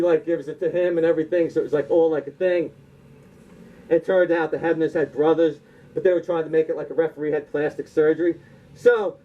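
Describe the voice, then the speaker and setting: A man telling a rambling comedic monologue, packed with "like" fillers, in a dull, lo-fi recording. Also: high-pitched.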